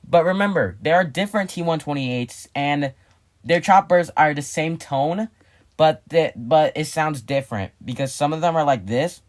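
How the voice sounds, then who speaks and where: A man's voice: fairly high pitch, moderate pace. A man in a casual vlog, explaining a hobby build in a rambling way, restarting and correcting himself as he works on it. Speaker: hobbyist vlogger.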